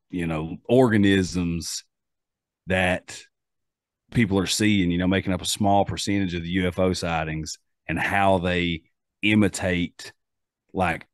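A low-pitched man with an Appalachian accent hosts a podcast, chatting casually and rambling with plenty of fillers and restarts. The recording is studio quality with no room sound.

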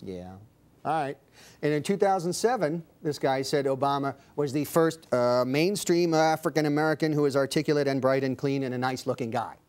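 A man's voice: a little high, brisk, darkish tone, smooth. A man hosting a comedy panel show, speaking with a dry, wry delivery. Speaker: host.

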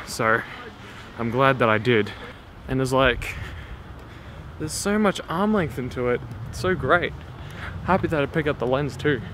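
A young man, vlogging casually through city streets and a park, swearing a lot and often laughing. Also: medium pitch. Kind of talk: casual handheld travel vlog. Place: outdoors in busy city streets, station and park. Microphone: camera on a small tripod. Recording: clear street noise behind.

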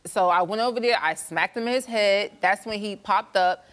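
A woman's voice: medium pitch, moderate pace. A woman guest on a talk show, animatedly retelling a relationship fight on a studio stage. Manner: animated storytelling, acting out quarrels.

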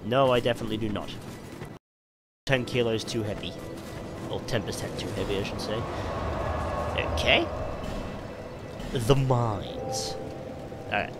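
A British man giving casual, sarcastic gameplay commentary, talking to himself and the game from his computer. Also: mid-range voice. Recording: loud background noise.

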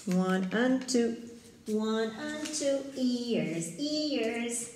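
A woman teaching a craft lesson to small children, speaking in a cheerful, sing-song way, slowly and clearly. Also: on the high side, expressive, a little mellow, reverberant, slight background noise.

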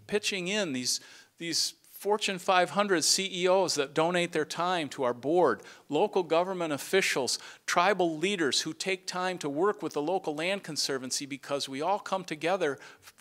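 A middle-aged man giving an earnest farewell speech as a retiring director, sometimes halting and restarting. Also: a little high, fairly bright tone.

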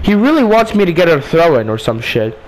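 A young man talking over a football video game, frustrated and swearing, with bursts of yelling. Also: a little high, very animated, brisk. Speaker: gaming streamer. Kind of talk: casual gameplay commentary.

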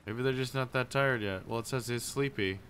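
A man's voice: medium pitch, a little fast, a bit bright, a little hiss or hum. A man chatting casually and easily while playing a co-op game with a friend. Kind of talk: casual co-op gaming chat.

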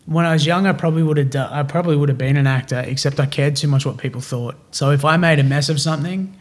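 A man's voice: a little high, fast talker. A man in his thirties from Australia, a podcast guest telling stories in casual, slangy Australian speech and acting out what others said. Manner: animated, slangy, acts out quoted dialogue. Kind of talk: casual storytelling.

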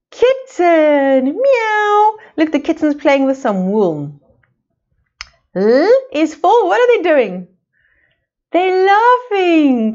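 A woman's voice: high-pitched, darkish tone. Sing-song woman teaching toddlers. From South Africa. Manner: sing-song, coaxing, slow and exaggerated for small children. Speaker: preschool teacher. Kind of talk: children's lesson with a picture book. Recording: dull lo-fi video sound.

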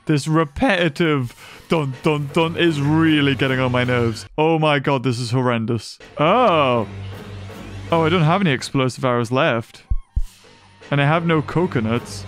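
A man giving excitable, sarcastic let's-play commentary as a gaming YouTuber. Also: a little high, measured pace, soft background music. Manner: excitable and sarcastic, with frequent exclamations.

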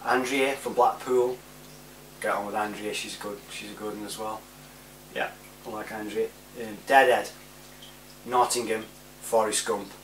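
A man, rambling casually through shout-outs to friends, laughing often. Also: lowish voice, recorded from a distance. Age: 40s. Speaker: vlogger. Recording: roomy, off-mic, faint hum.

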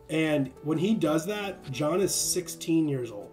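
A man hosting a livestream, chatting casually and laughing often while retelling stories with animated voices. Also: on the high side, measured pace, few pauses, soft background music. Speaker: livestream host. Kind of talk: casual chat.

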